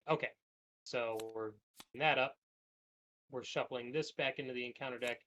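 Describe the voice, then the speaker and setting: A man's voice: medium pitch, steady tone, normal speed, pauses often, sharp tone, a little hiss or hum. A man co-hosting a podcast, playing a cooperative card game and reading its story text aloud, often laughing. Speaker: podcast co-host and player. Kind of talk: casual board game play with card reading.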